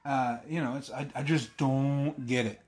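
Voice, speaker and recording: A man's voice: medium pitch, steady tone, unhurried, darkish tone. A young Southern man with a Southern accent and a mid-range voice, chatting loosely as co-host. He rambles, restarts sentences and drops casual swear words. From American South. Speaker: podcast co-host. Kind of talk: casual chat.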